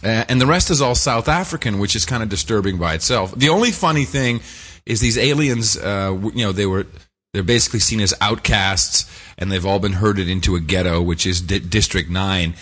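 A man's voice: fairly low pitch, a little fast, fairly bright tone, breathy edge. A man co-hosting a casual podcast, rambling through a film recap with fillers, restarts and laughs. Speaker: podcast co-host. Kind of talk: casual chat.

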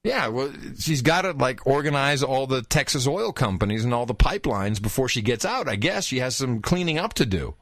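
Animated male podcast host, dry sound. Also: mid-range voice, a little fast, hardly any pauses, no room sound. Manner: incredulous, animated, fond of the word "wow". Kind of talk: casual talk show banter.

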